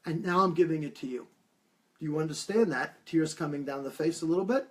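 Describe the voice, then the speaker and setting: A man giving a live-stream talk as a medium, taking viewer questions and telling stories with lively acted-out quotes. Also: fairly high pitch, a little fast. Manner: animated storytelling, acts out quoted voices.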